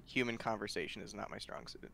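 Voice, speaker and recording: A man's voice: fairly low pitch, quick pace, vocal fry, sharp tone, a little hiss or hum. A man playing in a tabletop game, talking casually in a rambling, hesitant way with many restarts. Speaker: player.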